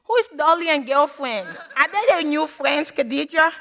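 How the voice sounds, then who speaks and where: A woman's voice: high voice, expressive, normal speed, a bit bright, voice pushed up. A woman voicing her stern, traditional middle-aged mother, matter-of-fact and certain. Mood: puzzled. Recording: long hall reverb.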